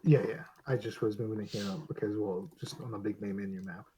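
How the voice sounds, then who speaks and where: A man running a tabletop game session over a voice call, handling the setup in a brisk, matter-of-fact way, on a dull lo-fi mic. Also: lowish voice, fairly even intonation, warm tone, a little hiss or hum. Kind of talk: casual chat on a voice call.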